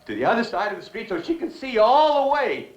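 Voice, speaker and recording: An actor playing an obsessed man in a 1960s television drama, swinging between whispers and shouts as he raves about money. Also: extremely high pitch, very animated, quick pace, dull audio, exaggerated voice. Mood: exalted.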